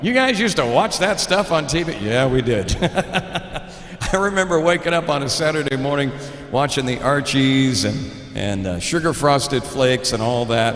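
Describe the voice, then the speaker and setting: A man's voice: medium pitch, long reverb tail. A middle-aged man with an Oklahoma accent, hosting a live show in casual chat, laughing often as he reads out trivia.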